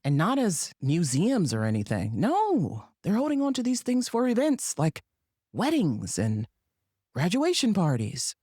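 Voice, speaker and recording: Woman host talking, low voice but really swoopy, sassy, dry close sound. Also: a little slow, no room sound. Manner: sassy, animated, sarcastic. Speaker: podcast host. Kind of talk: commentary monologue.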